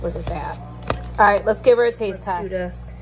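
A woman's voice: mid-range voice, a little fast, darkish tone, soft background music. A woman ranting bluntly and swearing freely while she cooks in her kitchen for a vlog. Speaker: vlogger. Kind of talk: casual rant while cooking. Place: home kitchen.

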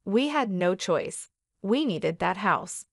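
A deceitful husband who has been caught out, stammering and pleading for understanding, as a woman puts him on. He is read in a plain storybook voice at a middle pitch. The sound is dry and close. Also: very animated, measured pace, no echo.

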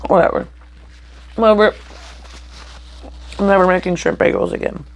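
A woman's voice: lowish voice, fairly even intonation, a little fast, vocal fry. A woman chatting casually to her camera while eating, blunt and frank, swearing and then apologizing. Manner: talks between bites while eating. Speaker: mukbang vlogger.

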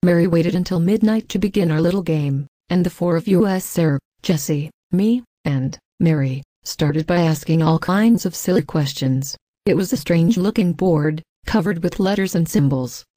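Low, dark-voiced woman reading a ghost story. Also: moderate pace, few pauses, no echo. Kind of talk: scripted ghost story narration.

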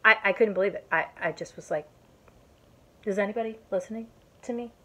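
A woman from Indiana chatting through a craft haul vlog, excitable and self-mocking, tired from an early start. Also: mid-range voice, brisk. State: tired, up since early morning. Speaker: YouTube vlogger showing a haul. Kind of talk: casual haul vlog chat.

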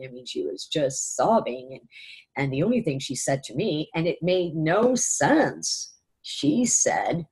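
A woman's voice: low voice, sing-song, a little slow, darkish tone, breathy edge, poor audio. A woman telling a personal spiritual vision to camera, hesitant and full of fillers and repeated phrases. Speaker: vlogger recounting a spiritual vision. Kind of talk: personal testimony storytelling.

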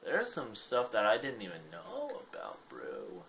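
A man's voice: on the low side, huge pitch swings, measured pace, gravelly, a bit bright, a little hiss or hum. A young man giving casual gameplay commentary, rambling and self-deprecating. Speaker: gaming channel host.

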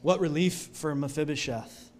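A male pastor delivers an earnest, storytelling sermon in a church. His voice sits a little higher than most men's. A faint hiss runs behind him. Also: normal speed, a little mellow.

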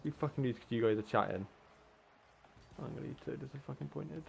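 A man's voice: medium pitch, fairly quick, creaky, darkish tone, a little hiss or hum. A man commentating his own online gameplay in casual, sarcastic banter, cursing and exclaiming at his teammates. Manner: frequent exclamations and laughs.

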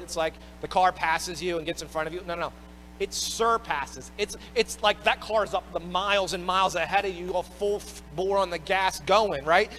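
A man's voice: sits high, fairly bright tone, a little hiss or hum, low-quality recording. A man preaching a sermon as pastor, emphatic and repeating his words as he drives home each point.

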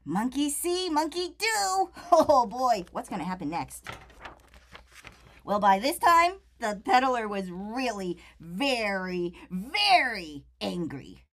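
Playful woman reading to kids, lively. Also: fairly high pitch, slow pace. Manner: playful, animated, talks to kids. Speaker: storyteller. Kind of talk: reading a picture book aloud to children.

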